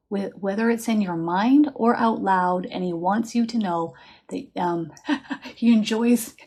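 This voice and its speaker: A psychic medium with a mid-range voice gives a live reading. She's chatty and reassuring, laughs softly, and guides listeners to relax and feel the answers in their bodies.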